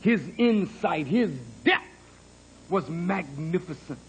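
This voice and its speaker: A man preaching a sermon as dramatic storytelling, sinking low and quiet and then rising to emphatic, earnest peaks. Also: lively intonation, takes it slowly, a little hiss or hum, poor audio. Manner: earnest testimony, insisting on his honesty. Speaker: minister.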